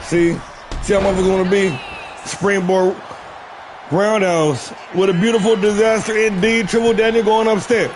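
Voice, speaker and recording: High-voiced, excitable male game commentator. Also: moderate pace, crowd noise, background noise. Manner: excitable play-by-play with shouted calls and profane asides. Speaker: stream host and play-by-play commentator. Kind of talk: live-streamed wrestling video game commentary.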